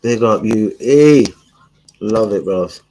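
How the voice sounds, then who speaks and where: A relaxed man with a fairly low voice, hosting a live stream. He chats loosely with his viewers, full of slang and frequent swearing. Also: slow, low-quality recording. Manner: laid-back, slangy, swears often. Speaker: streamer and channel host. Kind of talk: casual live-stream chat.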